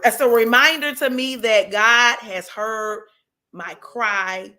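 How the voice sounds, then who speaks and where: A woman's voice: a little high, slow, bright, forceful tone, poor audio. A woman hosting a casual talk show, speaking emotionally and repeating grateful phrases, with a churchy cadence. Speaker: host.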